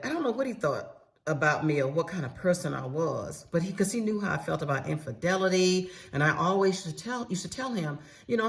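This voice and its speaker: A middle-aged woman with a lowish voice and vocal fry tells a personal story in a casual storytime monologue. She's candid and emphatic, uses salty slang, and speaks directly to her listeners.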